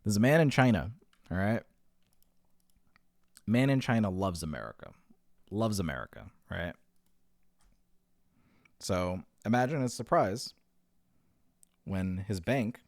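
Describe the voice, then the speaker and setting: Deep-voiced male joke teller, rambling and self-amused, dry close recording. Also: no room sound. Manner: self-amused, laughs at his own jokes. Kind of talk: rambling comedic storytelling.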